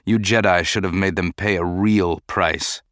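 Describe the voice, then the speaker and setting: This is a grieving male senator, bitter and indignant, in a storybook reading, as a man narrator voices him. The voice is low and close to the mic. The sound is dry. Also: steady tone, measured pace, a bit bright, dry recording.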